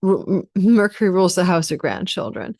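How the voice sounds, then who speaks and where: A woman's voice: fairly low pitch, big pitch swings, brisk, creaky, a little mellow, no echo, clean studio sound. A tired woman astrologer giving a rambling, chatty forecast and running through lists of possibilities. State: tired, yawning.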